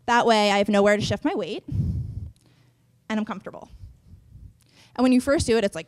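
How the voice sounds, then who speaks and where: A young woman giving a lively, chatty workshop talk on public speaking to a room, laughing between points. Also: fairly high pitch, fairly quick. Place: conference room.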